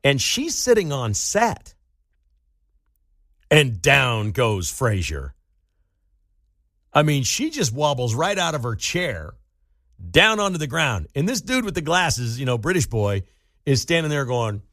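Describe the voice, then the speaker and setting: A male talk radio host in a casual monologue, full of sudden high swoops of pitch as he tells a story. He speaks into a studio microphone, and the sound is close and dry, with no room echo at all. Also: very animated, moderate pace, a bit bright.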